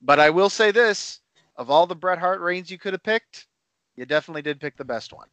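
Animated man, dry close sound. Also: high voice, a little fast, no echo. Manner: animated, playful banter. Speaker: podcast co-host. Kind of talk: casual wrestling chat.

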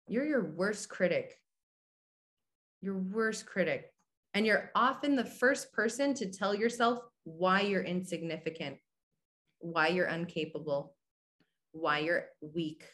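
A woman's voice: medium pitch, a bit bright. Blunt, candid woman talking. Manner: candid, blunt, swears casually; addresses listeners directly, asks if they agree. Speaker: podcast host. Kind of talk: casual motivational talk.

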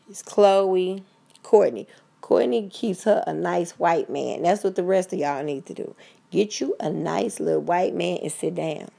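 A woman's voice: lowish voice, vocal fry, mellow. A woman giving a blunt, profane, preachy rant straight to her listeners in casual podcast style. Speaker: commentator.

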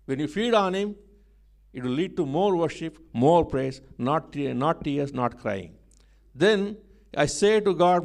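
A male preacher delivering a sermon with fervent, repetitive emphasis. His voice sits fairly high for a man, and he moves between hushed moments and forceful rises. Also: animated, a little slow, gravelly. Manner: emphatic, repetitive, swings between soft and loud.

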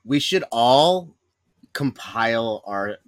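Male host, excitable, slangy, dry close sound. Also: mid-range voice, slow pace, no room sound. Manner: enthusiastic, slangy. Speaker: podcast host. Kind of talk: casual interview chat.

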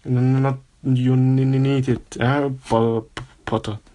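A nervous young male teacher from a storybook, stumbling over his words in a halting stammer, as a man reading aloud puts him on. The voice sits at an ordinary pitch. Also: flat delivery, warm tone, lightly acted.

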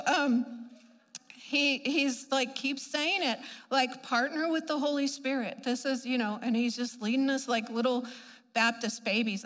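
A woman giving an animated personal healing testimony, acting out her own reactions and laughing often as she tells it. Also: high-pitched, big-room sound. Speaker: speaker sharing a healing testimony.

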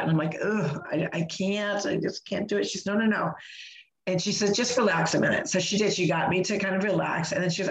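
A woman hosting a casual conversation, chatty and full of fillers, telling a personal story in an animated way. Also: medium pitch, reverberant, rough recording. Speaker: host. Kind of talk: casual chat.

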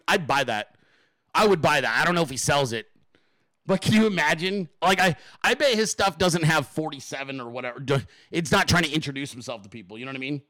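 A man hosting a casual solo talk show, excitable and rambling, swearing freely and full of fillers. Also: on the high side, no echo. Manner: excitable, profane, rambling with many fillers and laughs. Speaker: podcast host.

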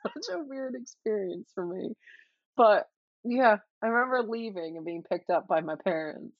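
Animated woman telling stories, lively pitch. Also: moderate pace, no echo, muffled recording. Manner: animated storyteller, laughs often, acts out quoted voices. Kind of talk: casual chat.

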